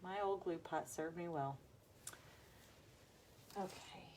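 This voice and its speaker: A woman's voice: fairly low pitch, slow, darkish tone. Chatty woman hosting a craft live. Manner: chatty, talks to viewers as y'all. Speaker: craft livestream host. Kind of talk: casual live craft demo chat.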